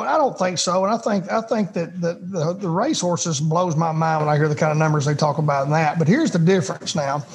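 Brief: man, retriever trainer on a podcast, husky higher voice, folksy and emphatic. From United States. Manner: emphatic, folksy, repeats words. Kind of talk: casual interview talk.

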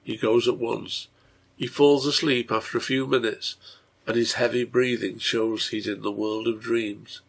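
Gravelly-voiced man reading a novel. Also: mid-range voice, fairly bright tone. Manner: measured storytelling narration. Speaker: reader and translator. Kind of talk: reading a translated serial novel.

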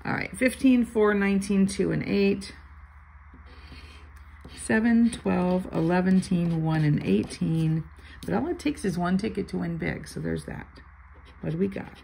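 A gravelly, fairly low-voiced older woman chats casually while scratching lottery tickets, calling out numbers and half-muttering asides. A faint hum of room noise sits under her voice. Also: measured pace, darkish tone, poor audio. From Florida.

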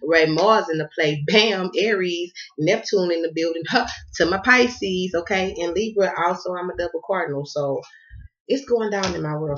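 Hoarse Southern woman tarot vlogger. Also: lowish voice, normal speed, muffled recording. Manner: playful, slangy and cussing, hypes up viewers. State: losing her voice. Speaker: tarot card reader. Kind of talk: casual tarot reading vlog.

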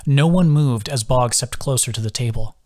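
A man's voice: medium pitch, moderate pace. A man reading his own fantasy novel aloud as audiobook narration. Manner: lively, expressive reading.

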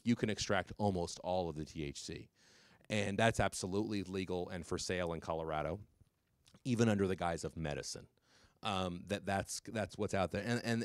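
Animated man giving a talk. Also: on the low side, no room sound, studio quality. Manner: animated, quick, many fillers and restarts. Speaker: drug policy speaker. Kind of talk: public talk to parents.

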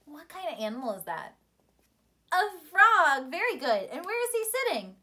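A woman's voice: high voice, big pitch swings, fast. A woman teacher speaking to young children in an encouraging storytime lesson. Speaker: primary school teacher.

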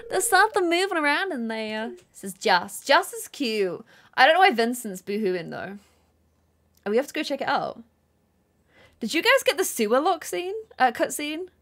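A woman hosting a co-op gameplay video, bubbly and excitable, with lots of gasps. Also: sits high, moderate pace. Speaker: gaming channel host. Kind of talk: co-op let's play commentary.

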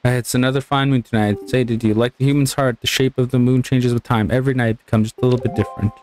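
A dreamy game stargazer muses chattily about the night sky, as a man reads him out in his own voice. The pitch stays middling, with faint music behind. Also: steady tone, quick pace, darkish tone, close to an everyday voice. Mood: musing.

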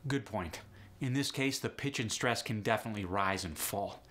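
A man's voice: on the low side, normal speed, a bit bright. A man teaching an accent lesson step by step, upbeat and explanatory, saying example words to show each sound. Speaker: accent coach.

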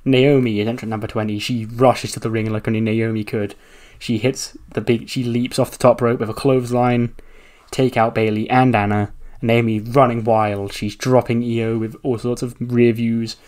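A man's voice: medium pitch, level tone, normal speed, a little mellow. A man casually narrating a wrestling simulation playthrough, chatty and loose, laughing and swearing as he goes.

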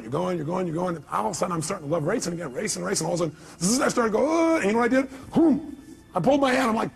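A man delivers a motivational seminar at a rapid clip, his voice fairly high and husky. He tells his stories with big, animated swings, acting out every quote. Faint music plays beneath him. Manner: animated storytelling, acts out quotes with big pitch jumps. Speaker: motivational speaker. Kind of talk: live seminar talk to an audience.

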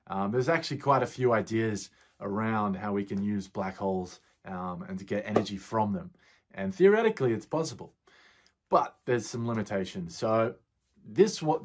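Husky, chatty man reacting casually. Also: fairly low pitch. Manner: relaxed and chatty, laughs often, slang like bro. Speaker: physicist YouTuber reacting to a series.

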